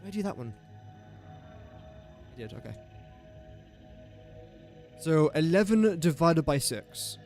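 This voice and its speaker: A man's voice: fairly high pitch, very animated, slow, pauses often, a little mellow, faint music behind. Chatty guy streaming a game. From England. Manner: thinks aloud while doing sums, chatty and joking. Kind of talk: casual live-stream chat.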